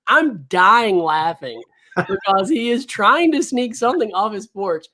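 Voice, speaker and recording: A woman co-hosting a casual chat, telling a funny story in an animated way and laughing often. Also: mid-range voice, normal speed. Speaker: podcast co-host.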